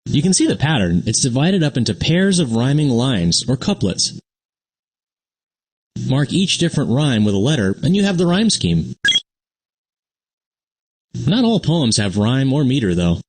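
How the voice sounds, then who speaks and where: A man's voice: mid-range voice, very animated, a little slow, long pauses, darkish tone. A man voicing a friendly young cartoon explainer who teaches the basics of poetry in scripted, upbeat narration. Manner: upbeat, explains simply and answers an unheard sidekick.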